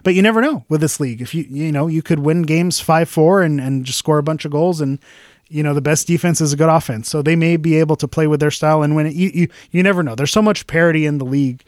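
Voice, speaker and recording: A man's voice: fairly high pitch, quick pace, no echo, studio quality. A man co-hosting a sports podcast, talking in a rambling casual way and laughing often. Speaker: podcast co-host.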